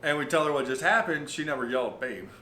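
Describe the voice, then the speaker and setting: A man, recounting his experiences as owner of an old lodge in a halting, rambling way with lots of fillers. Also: fairly high pitch, bright, forceful tone. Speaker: property owner and paranormal investigator. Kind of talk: casual storytelling interview. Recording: roomy with faint noise.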